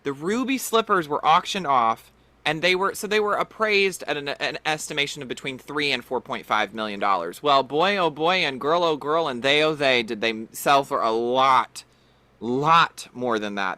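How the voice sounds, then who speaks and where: A man's voice: mid-range voice, normal speed, sharp tone, no room sound. A man hosting a podcast, chatting playfully and animatedly about pop culture. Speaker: podcast host. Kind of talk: casual pop-culture chat.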